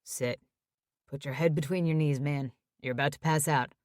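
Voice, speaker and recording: A woman's voice: low voice, fairly even intonation, normal speed, darkish tone, no room sound, studio quality, pitched below the performer's own voice, close to an everyday voice. A woman voicing a blunt young man who swears at his hurt friend. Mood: gruff. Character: young adult man, brash friend, crude.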